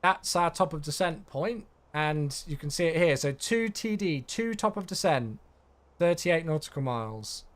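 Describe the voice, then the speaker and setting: A man's voice: fairly high pitch, animated, moderate pace. A man streaming a flight sim, chatting casually with viewers and tired from the day. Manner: chatty, reads chat aloud, thanks subscribers. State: tired, yawning. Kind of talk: casual live-stream chat.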